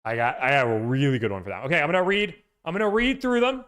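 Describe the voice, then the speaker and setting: In casual livestream chat, a man reads through a list and tosses in playful movie-quote impressions. His voice is on the high side, fast and smooth, and the loud mic is peaking.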